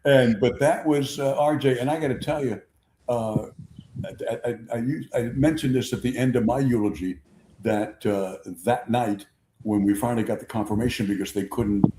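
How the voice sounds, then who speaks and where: A man's voice: mid-range voice, normal speed, noisy background. Older storytelling man, echoey room. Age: 70s. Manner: rambling, repeats himself, animated impressions in stories. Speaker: sports talk show host. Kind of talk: conversational storytelling.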